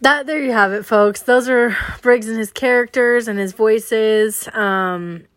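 A woman's voice: fairly high pitch, a little slow, no room sound. A woman hosting a casual podcast, chatty and upbeat, leading with questions. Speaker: podcast host. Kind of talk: casual chat.

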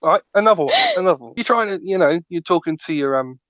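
Ranting man with fairly high pitch. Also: very animated, quick pace, fairly bright tone, no room sound, muffled recording. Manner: ranting, playful, acts out scenes. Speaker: podcast co-host. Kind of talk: casual chat.

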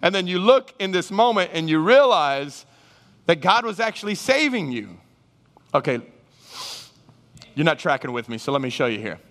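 A man preaching a sermon, animated, acting out Bible figures and his listeners in raised voices. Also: a little high, normal speed, pauses often. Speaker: pastor. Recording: reverberant hall sound.

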